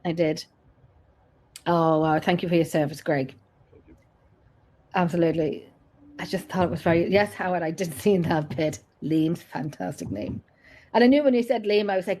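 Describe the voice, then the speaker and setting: A woman's voice: fairly low pitch, moderate pace, long pauses, dark tone, poor audio. Chatty, laughing woman host. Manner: chatty, laughs often, teasing. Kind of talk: casual chat on a live paranormal show.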